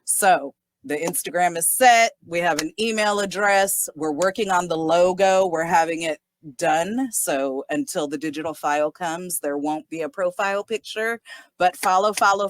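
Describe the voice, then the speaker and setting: A woman in her thirties from Southern California hosting a casual podcast chat, animated, laughing often and swearing casually. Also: on the low side, no room sound. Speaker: podcast host.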